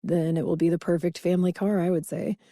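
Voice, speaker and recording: A woman's voice: on the low side, steady tone, fast, warm tone, dry recording, studio quality, lightly acted. A woman voicing a wealthy, confident man who teases with an easy, self-assured manner, in an audiobook reading. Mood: teasing.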